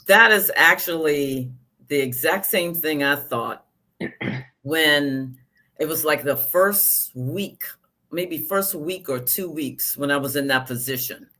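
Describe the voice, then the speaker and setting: A woman's voice: low voice, slow pace, pushed and bright. A woman hosting a podcast as a business coach, talking in an emphatic, reflective way. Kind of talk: casual interview chat.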